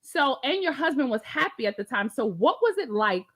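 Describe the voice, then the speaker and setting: A woman's voice: high-pitched, very animated, fairly quick, a bit bright. A woman co-hosting a casual livestream interview, chatty and playful, often repeating herself as she asks questions. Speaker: co-host.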